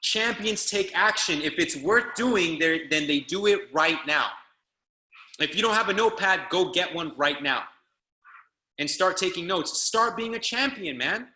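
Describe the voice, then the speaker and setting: This business trainer's voice is high and sharp, with lively intonation and a slightly slow pace, recorded with a roomy sound. Fired-up and exhorting, he pushes a group call forward by repeating the same phrases relentlessly.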